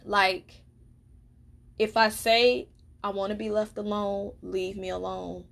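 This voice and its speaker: A woman's voice: mid-range voice, flat delivery, slow pace, creaky, a bit bright. A woman hosting a solo podcast, talking candidly and emphatically, swearing freely. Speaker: podcast host. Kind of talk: casual solo podcast monologue.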